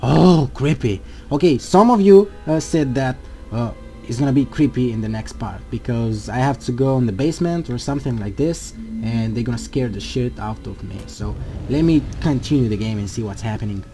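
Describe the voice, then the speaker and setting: A man hosting a let's play of a horror game, talking along excitedly, jumping at scares and swearing at them. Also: mid-range voice, moderate pace, music in the background. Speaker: gaming channel host.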